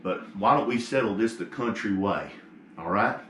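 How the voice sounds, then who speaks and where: A man voicing a big burly male country farmer who talks slow and blunt, in a roomy space. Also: fairly low pitch, lively intonation, a bit bright, a little hiss or hum. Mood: gruff. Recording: roomy echo.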